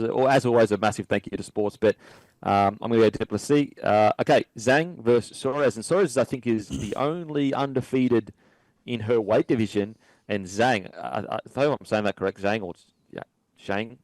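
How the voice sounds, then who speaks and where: A man's voice: on the low side, a little mellow, dry recording, low-quality recording. A man hosting a podcast, chatting casually with matey banter and plenty of fillers. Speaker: podcast host. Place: remote call from abroad.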